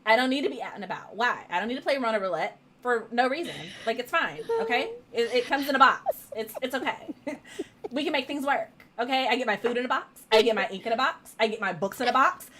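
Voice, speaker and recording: A woman co-hosting a casual writing chat over a video call, playful and animated, laughing often. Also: fairly high pitch, quick pace, noisy background.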